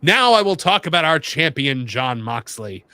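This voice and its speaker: A man putting on a slow, low cowboy drawl to read out a wrestler's promo. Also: very animated, sharp tone, clear, resonant tone, no echo. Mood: earnest.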